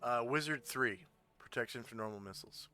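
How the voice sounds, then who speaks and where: A male game master talks casually through a live tabletop session. His voice is bright and crisp, and he keeps looking things up aloud with frequent fillers. Soft music plays in the background. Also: mid-range voice, fairly quick.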